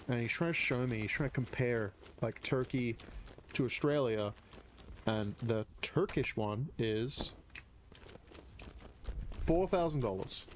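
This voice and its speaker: A man's voice: mid-range voice, a little hiss or hum. A man live streaming, casually telling a story while gaming, rambling and swearing a lot.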